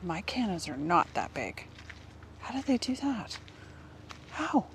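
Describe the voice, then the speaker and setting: A woman vlogging as she walks through a public garden, gushing over the plants and often dropping to a hush, recorded on a handheld camera mic. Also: mid-range voice, big pitch swings, slow, slight background noise. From Canada. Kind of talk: casual walk-and-talk vlog.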